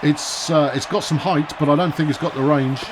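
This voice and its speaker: A man's voice: fairly high pitch, fairly even intonation, fairly quick, background noise. A man giving wry, chatty commentary while he plays a baseball video game, often talking to himself. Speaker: gaming video host. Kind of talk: let's-play commentary.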